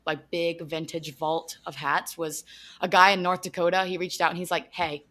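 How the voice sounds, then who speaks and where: A woman talks casually on a podcast with a slightly low voice. She is chatty and upbeat, and her talk is loose with fillers. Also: flat delivery, moderate pace, sharp tone. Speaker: podcast guest. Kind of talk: casual chat.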